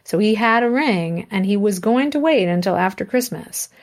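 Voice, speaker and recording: Animated and lively, this thirtysomething woman, a musician appearing as a guest, recounts a story in a laid-back interview. Her voice is mid-range and her speed normal, and she frequently breaks into laughter mid-sentence while performing other people's lines.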